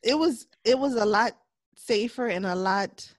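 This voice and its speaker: A woman co-hosting a podcast in casual chat, candid and laughing often, sometimes dropping to a soft voice. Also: fairly high pitch, measured pace, dry recording. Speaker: podcast co-host.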